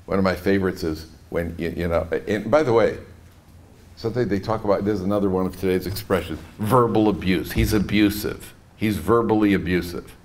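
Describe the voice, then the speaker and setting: A middle-aged man giving a humorous Torah lecture on marriage, telling stories and swinging between soft asides and emphatic peaks. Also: low voice, a little fast. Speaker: rabbi lecturer.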